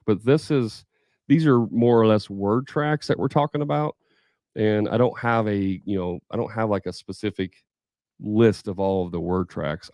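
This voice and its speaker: A man's voice: on the low side, vocal fry, darkish tone, no room sound, clean studio sound. A man leading a live sales training for contractors, talking casually, thinking aloud and acting out customer conversations.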